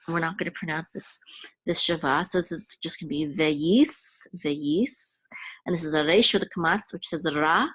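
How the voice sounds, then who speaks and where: A woman teaching biblical Hebrew, patiently sounding out letters and vowels and repeating words slowly for learners. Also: deep voice, no room sound.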